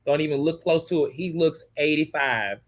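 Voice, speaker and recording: Chatty young man, higher voice. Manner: chatty, laughing, drawn-out asides. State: yawning. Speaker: podcast co-host. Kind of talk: casual recap chat.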